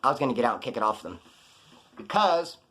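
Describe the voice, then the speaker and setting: Fast-talking profane man telling stories. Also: mid-range voice, big pitch swings, a bit bright, breathy edge. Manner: blunt, profane, streetwise storytelling. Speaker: storyteller recounting prison experiences. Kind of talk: casual storytelling to camera.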